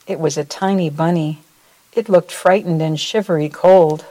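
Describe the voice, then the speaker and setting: A woman reading a children's story aloud at a church service in a slow, expressive way, ending with a short prayer. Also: on the low side.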